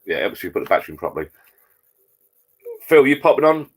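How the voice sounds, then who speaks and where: This live stream host has a mid-range voice and is very animated, talking at a quick pace with slight background noise. He hosts a casual chat from his garden bar through a laptop microphone, rambling and greeting viewers by name.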